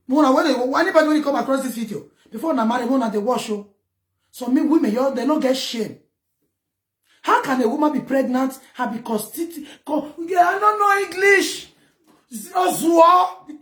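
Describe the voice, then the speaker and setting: Nigerian woman vlogger, high-pitched, scolds her audience in Pidgin, roomy sound. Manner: loud, scolding, mixes Pidgin and local words. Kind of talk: ranting commentary to camera.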